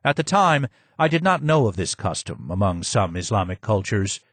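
A man reading scripted audiobook narration in a measured, even way. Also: fairly low pitch, breathy edge, dry recording.

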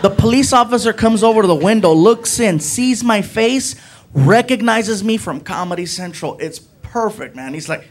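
A man doing stand-up, telling a story in an animated way and acting out his friends with loud, yelled voices. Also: sits high, normal speed, background noise. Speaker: stand-up comedian.

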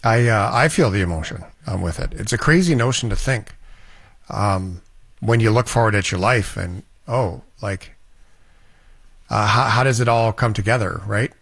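A man's voice: lowish voice, normal speed, vocal fry, a bit bright, breathy edge, no room sound. A man hosting a casual chat, reflective and easygoing, with a joking edge. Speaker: host.

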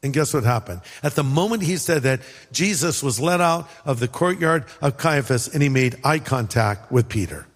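A man's voice: medium pitch, expressive, moderate pace, hardly any pauses. A man from California, a pastor preaching a sermon in a conversational way with joking asides. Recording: long hall reverb.

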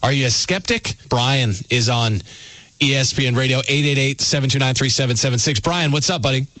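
A man hosting a radio call-in show from a studio, energetic and chatty as he takes calls. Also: mid-range voice, fairly quick, no room sound. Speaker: sports radio host. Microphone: studio mic.

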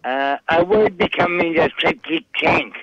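A man calling in to a radio show, making deadpan dry jokes over a muffled phone line. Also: on the high side, a little slow. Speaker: caller. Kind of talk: call-in chat.

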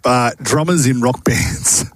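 A man's voice: medium pitch, slow. A man co-hosting a radio show, joking and teasing in casual chat. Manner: jokey, playful teasing. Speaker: radio co-host.

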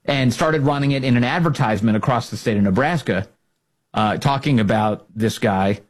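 A man hosting a political talk show, speaking in a sarcastic, opinionated way and often mocking his opponents. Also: moderate pace. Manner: sarcastic, mocks opponents in high put-on voices.

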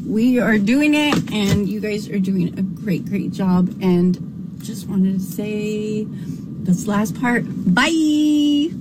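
A woman's voice: mid-range voice, slow pace, heavy background noise. A woman caller from Arizona leaving a chatty, laughing voicemail, telling a story with feeling. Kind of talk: recorded voicemail message.

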